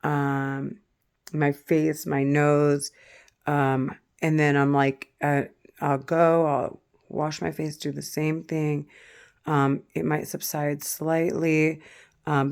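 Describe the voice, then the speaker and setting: A woman vlogger talking casually to the camera, halting, with frequent pauses and fillers. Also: deep voice, little pitch movement, darkish tone.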